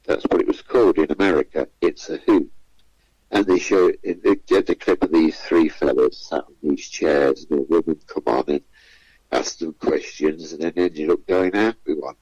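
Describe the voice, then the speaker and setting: Speaking in a bass voice at a moderate pace, a comedian tells anecdotes in a radio interview, imitating whoever he quotes. His tone is a little mellow, and the dry recording sounds dull.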